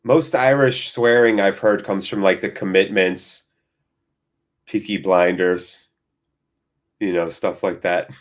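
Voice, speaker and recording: A man hosting a live match watchalong, chatting with viewers and breaking into excited play-by-play. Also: low-pitched, slow, pauses often. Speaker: fan channel host.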